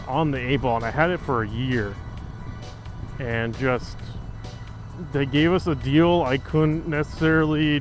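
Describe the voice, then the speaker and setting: Joking, rambling motorcycle vlogger man. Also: fairly high pitch. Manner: joking, rambling, heavy on fillers. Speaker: motovlogger. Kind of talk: casual chat while riding. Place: riding a motorcycle outdoors on city streets.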